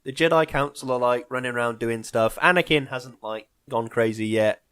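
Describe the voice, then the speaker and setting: A man's voice: medium pitch, normal speed, a bit bright, clear, resonant tone, no room sound, clean studio sound. A man as a podcast guest, rambling and wryly interrupting himself in casual chat. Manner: rambling, self-interrupting, wry.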